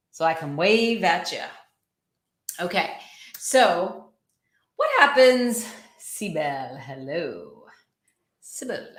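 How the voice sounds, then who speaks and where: A woman hosting a casual livestream, chatting to viewers, greeting them by name and often repeating her words. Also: lowish voice. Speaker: livestream host and coach. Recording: echoey room sound.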